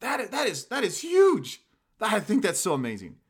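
A man preaching a sermon, telling stories in an animated way and driving points home with emphatic repetition. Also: sits high, normal speed, breathy edge. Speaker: pastor.

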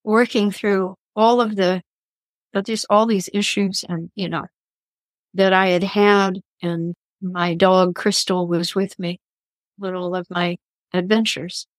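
A woman's voice: mid-range voice, level tone, takes it slowly, no echo. Earnest woman sharing spiritual stories. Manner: earnest, reflective, spiritual storytelling. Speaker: guest, author and columnist. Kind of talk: podcast interview, personal storytelling.

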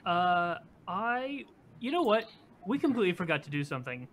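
A man with a fairly high voice playing a tabletop role-playing game. He describes his character's moves in a rambling, animated way, full of fillers. Faint noise sits under his voice. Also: moderate pace. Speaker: player.

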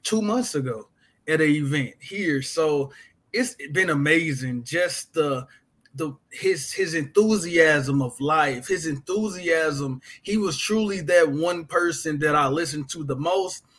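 A man speaking earnestly in casual conversation, halting and restarting as he goes. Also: fairly high pitch, fairly bright tone. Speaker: guest.

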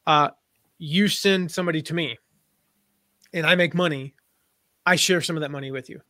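A man's voice: on the high side, normal speed, pushed and bright, dry recording, clean studio sound. A man guesting on an interview, explaining his ideas in a chatty, storytelling way and slipping into playful put-on voices. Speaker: guest, affiliate marketing expert. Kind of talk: conversational podcast interview.

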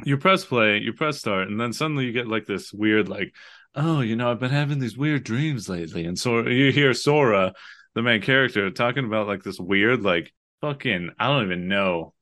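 A man co-hosting a casual chat, excitable and swearing freely as he acts out game moments. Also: fairly low pitch, normal speed. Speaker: podcast co-host.

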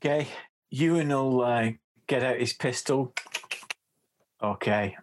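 A man's voice: mid-range voice, takes it slowly, noisy background. A man playing a tabletop game, laid-back and a little hesitant. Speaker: player.

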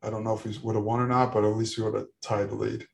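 A man co-hosting a casual podcast, chatting in a relaxed, joking way. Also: on the low side, fast, gravelly, poor audio. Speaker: podcast co-host. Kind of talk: casual chat.

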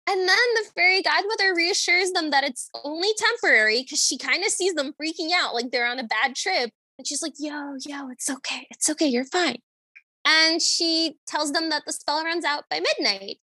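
Bright, high-voiced woman co-host. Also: normal speed, few pauses, dry recording. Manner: wry and chatty, quotes characters playfully. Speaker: podcast co-host. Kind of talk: casual chat recapping a cartoon.

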